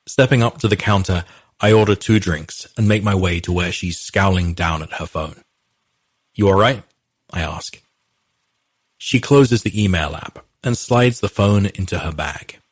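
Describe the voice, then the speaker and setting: A man narrating a first-person romance audiobook in a measured, intimate storytelling manner. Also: deep voice, husky, no room sound, studio quality.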